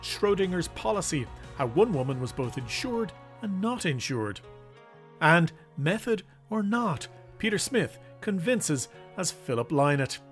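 A man presents a radio show in a measured, scripted way, introducing each item in turn. Faint music plays under his voice, and his pitch sits in the middle range for a man.

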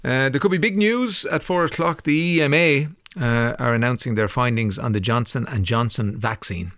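A man's voice: medium pitch, normal speed, fairly bright tone, no echo. A man with an Irish accent hosting a radio show, chatting casually and reading out listener messages with frequent "uh"s. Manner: chatty, laughs easily, with frequent filler "uh"s. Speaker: radio host. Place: radio studio. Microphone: studio microphone.

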